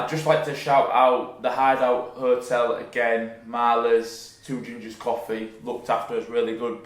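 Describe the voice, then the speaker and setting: A man's voice: mid-range voice, roomy sound. A young man, co-hosting a podcast and telling stories in a loose, chatty way with casual swearing. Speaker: podcast co-host. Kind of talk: casual chat.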